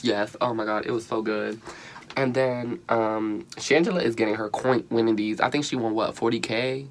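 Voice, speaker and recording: Animated young man ranting a casual review. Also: lowish voice, moderate pace, slight background noise. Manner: animated, profane, slang-heavy, bursts into laughter. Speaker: vlogger reviewing a reality show.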